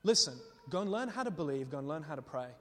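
A man preaching a sermon, telling stories in an animated way and laughing often as he speaks. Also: a little high, fast talker. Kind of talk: sermon with storytelling. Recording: long reverb of a hall.

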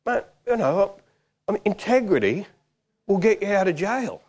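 Male preacher, middle-aged, animated storyteller, voice rises and falls a lot. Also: sits high, moderate pace, breathy edge. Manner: animated, acts out quoted voices. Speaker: pastor. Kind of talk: sermon with storytelling.

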